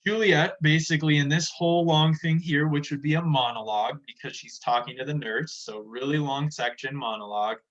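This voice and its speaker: A man talks through a lesson in a relaxed, chatty way, putting old lines into plain modern words. His voice is bright and forceful. The recording sounds dull and lo-fi. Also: on the high side, brisk, few pauses. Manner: chatty, retells scenes in everyday words. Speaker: teacher. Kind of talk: casual classroom explanation.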